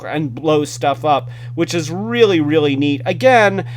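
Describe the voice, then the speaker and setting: Slow-talking enthusiastic man reviewing toys. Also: on the high side, expressive, slight background noise. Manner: enthusiastic, rambling with fillers and restarts. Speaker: toy review host. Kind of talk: casual hands-on product review.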